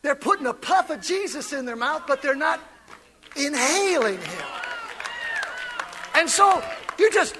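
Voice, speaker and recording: A man preaching an energetic, playful sermon in a church, calling out to the congregation and laughing along with it. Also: extremely high pitch, measured pace, pauses often, crowd noise, noisy background. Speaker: pastor.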